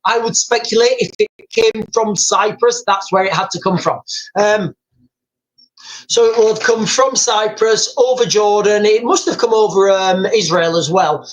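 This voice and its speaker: A man with a high-sitting voice hosts a live news commentary stream at a normal speed, captured on a low-quality recording. He rambles and repeats himself, speculating aloud while reading viewer comments and headlines off his screen.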